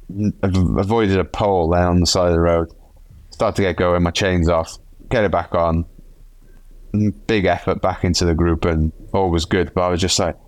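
Low-voiced chatty male cyclist. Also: no echo. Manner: animated, chatty, acts out quotes. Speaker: professional cyclist and podcast regular. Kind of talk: casual storytelling chat.

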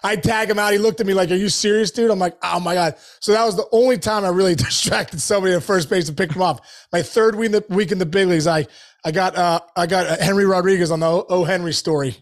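A middle-aged man, a former baseball player, telling stories on a podcast in an animated, casual way, laughing often and calling people "dude.". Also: sits high, fast talker. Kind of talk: casual storytelling.

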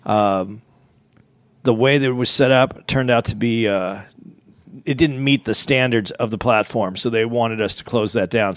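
A man co-hosting a podcast, explaining things casually with halting restarts and repeated words. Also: medium pitch, no echo, clean studio sound. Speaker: podcast co-host.

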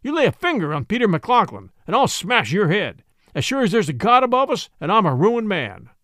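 A ruined old drunkard, fiercely shouting, as a male reader acts him out. The voice rises high and strained. It is heard close and dry. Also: very animated, fairly quick, dry recording. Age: older. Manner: shouting, fervent.

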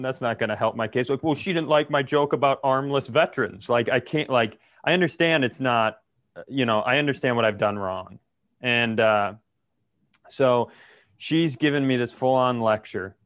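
A man's voice: mid-range voice, normal speed, fairly bright tone, no room sound, clean studio sound. A male comedian co-hosting a podcast, telling a story in casual chat and swearing freely.

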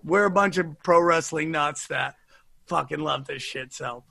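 A man with a high, bright voice hosts a podcast in loose, profane chat. He tells stories loudly and with a lot of animation. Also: a little slow, gravelly. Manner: loud, profane, animated storytelling. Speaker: podcast host. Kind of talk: casual podcast chat and host-read ad.

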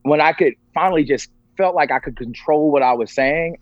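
A man's voice: on the high side, brisk, few pauses. A man sharing a personal story as a podcast guest, earnest and emotional. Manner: earnest, emotional, acts out quoted voices. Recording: dull lo-fi, dry.

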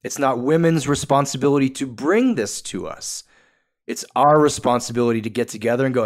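A man's voice: mid-range voice, a little fast. Earnest man speaking emphatically. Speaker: guest. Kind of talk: podcast interview.

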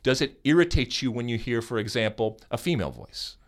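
An American man hosts a podcast in a loose, chatty style. He sounds animated and teasing and often stumbles and restarts mid-sentence. His voice sits at an everyday middle pitch. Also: brisk. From United States. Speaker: podcast host. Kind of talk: casual podcast chat.

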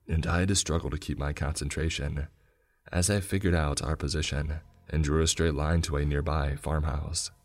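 A man narrating a scripted horror story in a measured, grim storytelling manner. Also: a bass voice, darkish tone.

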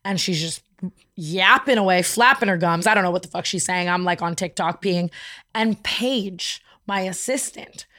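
A young woman co-hosting a podcast, telling a story in a casual, animated way with playful imitations. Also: moderate pace. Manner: animated storytelling, mimics a whiny high voice. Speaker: podcast co-host. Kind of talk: casual chat.

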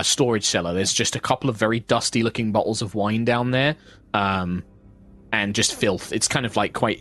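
A man's voice: fairly low pitch, fairly bright tone, husky. A man narrating as game master, rambling with many ums and restarts as he describes the scene. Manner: rambling, lots of ums and self-corrections.

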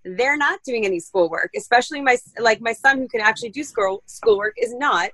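A woman chatting casually on a podcast as a mom, telling rambling, animated stories with casual cursing. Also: high-pitched, a little fast, vocal fry, no room sound, rough recording. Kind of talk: casual chat.

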